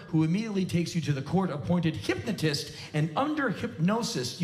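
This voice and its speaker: A man performing a profane, sarcastic live stand-up monologue on a theater stage. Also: fairly high pitch. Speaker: spoken word performer. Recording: echoey live theater recording.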